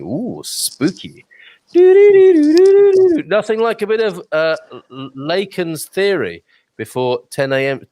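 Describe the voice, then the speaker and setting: Lively, chatty male live-show host. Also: mid-range voice, no room sound. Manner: upbeat, chatty, many fillers and restarts. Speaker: talk show host reading viewer comments. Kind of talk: casual live-stream chat.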